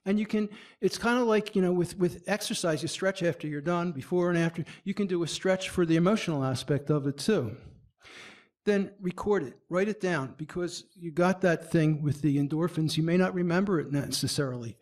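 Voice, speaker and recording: A fairly high-voiced man giving a presentation to a small business audience. His delivery is animated: he acts out the expressions he describes and trips over his words, backing up to restart. The overall feel is loose and unscripted. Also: brisk. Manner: animated, demonstrates expressions as he speaks; frequent restarts and stumbles. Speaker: presenter at a marketing meetup. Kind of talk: presentation talk.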